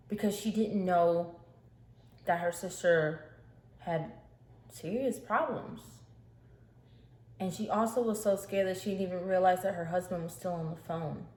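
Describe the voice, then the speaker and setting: A woman's voice: lowish voice, a little mellow. A woman vlogger narrating a storytime while she eats, in a casual, chatty way with fillers. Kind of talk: storytime while eating on camera. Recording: echoey room, faint hiss.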